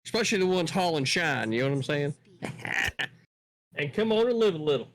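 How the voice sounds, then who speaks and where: A man co-hosting an online panel, joking and teasing with a slow drawl. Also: a little high, very animated, a bit bright. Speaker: co-host. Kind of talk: casual livestream panel chat.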